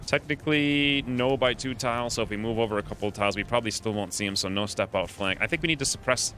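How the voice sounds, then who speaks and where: A man's voice: mid-range voice, quick pace, bright, forceful tone, a little hiss or hum. A man giving playful live commentary while streaming a game, coining silly nicknames as he plans each move.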